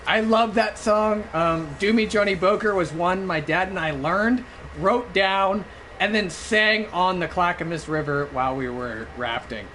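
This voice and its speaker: A man's voice: sits high, unhurried, slight background noise. A drunk young man chatting loosely over a game stream, rambling and bursting into song. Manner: rambling, loud, bursts into singing. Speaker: gaming streamer. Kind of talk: casual gameplay chat.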